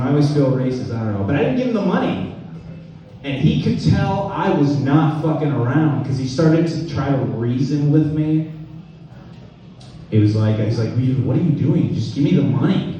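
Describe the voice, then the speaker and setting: A young man doing stand-up with a deadpan, unhurried delivery, letting each punchline land slowly. His voice is dark and mellow. It is heard from a distance in a very echoey club room. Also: on the high side, a little hiss or hum. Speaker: stand-up comedian. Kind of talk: stand-up comedy set. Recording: echoey room from far off the mic.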